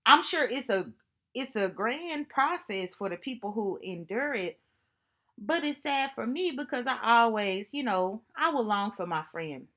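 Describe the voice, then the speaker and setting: A woman with a somewhat high voice talks slowly and deliberately to her camera. She reflects earnestly on personal experiences, lingering on phrases and circling back to repeat a point. Her tone stays thoughtful and sincere throughout. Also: expressive, sharp tone. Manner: earnest, thoughtful, unhurried storytelling with repetitions. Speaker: vlogger.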